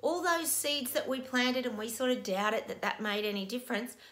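Bright-voiced woman, emotional and gushing. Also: a little high, animated, normal speed. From Australia. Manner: emotional, breathless, laughing often. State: overwhelmed, teary. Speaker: psychic vlogger. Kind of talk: casual video monologue.

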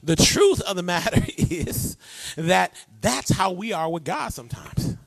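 A man preaching a sermon, animated and conversational, drawing responses from the congregation. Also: sits high, unhurried, gravelly, no echo. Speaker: pastor.

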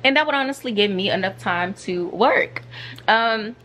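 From her couch at home, a vlogger in her 30s chats casually and animatedly, speaking straight to her viewers. Her voice is medium-pitched at a moderate pace, with a little hiss or hum.

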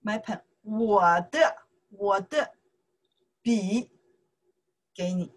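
A woman with a Chinese accent, a native Chinese speaker, teaching a casual language lesson in slow, repetitive steps and checking "okay?" after each point. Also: mid-range voice, expressive, a bit bright, slightly rough, poor audio. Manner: slow, repeats words, says okay often.

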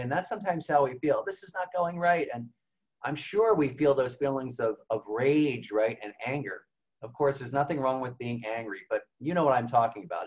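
A man's voice: mid-range voice, a little mellow. A man, a priest, giving an informal spiritual talk, often checking in with "okay?" and "right?". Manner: conversational, frequent "okay?" and "right?" check-ins. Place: home over video call. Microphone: video call. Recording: slightly dull video call audio.

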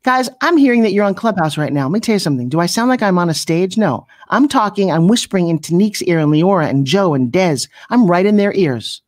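A middle-aged woman coaching people on pitching in an interview, brash and punchy, often slipping into mocking voices. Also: lively intonation, fairly quick, few pauses, darkish tone. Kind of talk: energetic motivational coaching talk.

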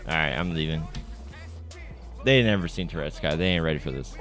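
A man's voice: very deep voice, a little fast, fairly bright tone, faint music behind. A man streaming a game from home, chatting casually, cracking crude jokes and laughing often. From United States. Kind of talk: casual gaming stream chat.

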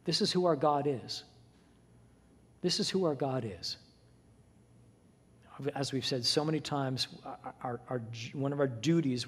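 Male pastor, higher register, dramatic storyteller, large reverberant church. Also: breathy edge. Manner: dramatic retelling with voiced quotes. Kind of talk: sermon. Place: church sanctuary. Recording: long hall reverb.

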